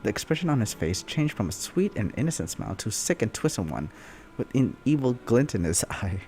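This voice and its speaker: A man doing a comic read-through of fan fiction, animated and often breaking off to laugh and comment. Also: medium pitch, a little fast, breathy edge. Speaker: YouTuber reading fan fiction. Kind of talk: comic reading with live reactions.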